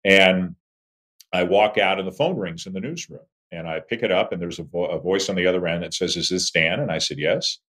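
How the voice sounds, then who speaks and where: A man in his fifties, a sportscaster, telling stories about his career as an animated interview guest. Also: brisk. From Toronto, Canada. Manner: animated storyteller, lively swings in pitch and volume. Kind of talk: conversational interview storytelling.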